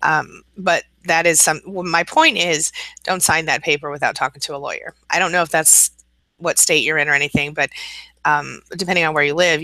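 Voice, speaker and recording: Bright-voiced woman in her 40s, a coach doing a rambly live chat, answering viewer comments, dry sound. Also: low voice, no echo, poor audio. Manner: chatty and rambling, reads viewer comments aloud and answers them. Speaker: coach and live-stream host. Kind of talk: casual live-stream chat.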